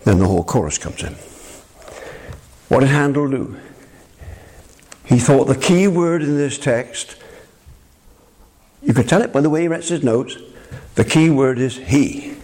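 An older man preaching a sermon in an emphatic, animated way, often addressing the listeners as his friend. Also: medium pitch, measured pace, pauses often, breathy edge.

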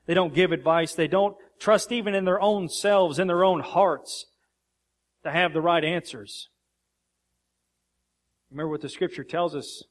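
An earnest male pastor delivering a sermon, his voice sitting a little higher than most men's. He reads verses slowly and with weight, leaning into key phrases. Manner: earnest preaching, reads scripture aloud with slow emphasis.

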